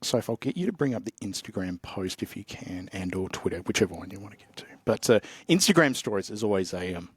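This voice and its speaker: A man's voice: deep voice, lively intonation, fast talker, few pauses, husky, no echo. A man hosting a casual podcast, joking and rambling as he reads listener posts. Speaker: podcast host.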